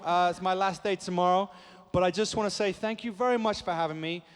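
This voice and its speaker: A man's voice: high voice, smooth. A British man, an actor guest on a fan convention panel, talking to the crowd in a playful, rambling, cheeky way. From Britain. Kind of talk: joking panel talk to a crowd. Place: convention hall stage. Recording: echoey convention hall.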